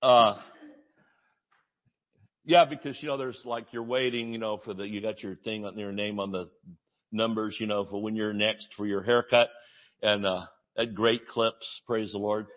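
A man preaching a sermon as a pastor, animated, with shouted exclamations and joking asides. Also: fairly low pitch, normal speed, lo-fi sound.

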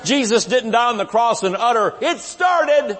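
A man in his fifties preaching a humorous, lively sermon at a live conference, laughing as he talks and shouting some lines. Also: extremely high pitch, fairly quick, noisy background. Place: large church sanctuary. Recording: live sermon with long hall reverb.

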